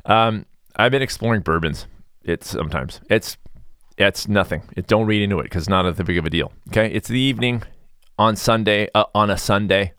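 A man hosting a podcast in a relaxed, mellow mood, chatting in a rambling way with a sarcastic streak. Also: fairly low pitch, fairly quick, clean tone, no echo. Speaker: podcast host. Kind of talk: casual podcast monologue.

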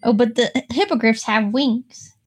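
Female player, slightly high voice, eager, mock-formal when in character. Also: measured pace, breathy edge. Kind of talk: casual chat and in-character role-play at a tabletop game.

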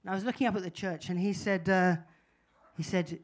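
A man's voice: high-pitched, steady tone, fairly quick. A man, giving a wry, musing storytelling talk. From England. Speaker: speaker.

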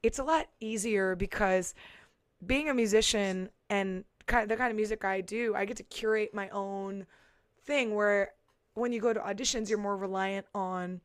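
A woman's voice: medium pitch, normal speed, no echo, clean studio sound. A woman musician chatting casually, talking through her thoughts with many fillers and restarts. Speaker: musician and podcast guest. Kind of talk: casual chat. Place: San Diego.

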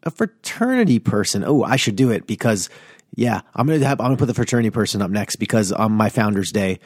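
A man's voice: lowish voice, quick pace, slightly rough, no echo, studio quality. A man hosting a casual podcast, talking loosely with frequent "like" fillers. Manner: relaxed, lots of "like" fillers. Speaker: podcast host.

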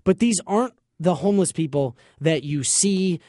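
A man's voice: a little high, lively intonation, normal speed, dark tone, no echo, studio quality. A man chatting casually, telling a long story with jokes and cleaned-up slang. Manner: chatty, joking, self-censoring slang.

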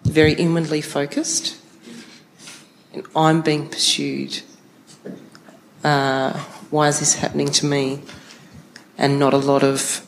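Low-voiced woman speaking slowly. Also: level tone, slight background noise, low-quality recording. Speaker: church group member.

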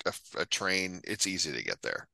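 A man's voice: low voice, very animated, normal speed, gravelly, pushed and bright, dry recording, rough recording. A man hosting a podcast, chatting casually and tossing in joking asides. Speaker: podcast host. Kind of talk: casual chat.

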